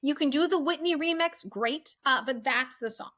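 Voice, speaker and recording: A woman in her forties, a podcast guest chatting casually, animated and self-mocking, laughing often. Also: high-pitched, moderate pace. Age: 40s. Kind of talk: casual interview chat.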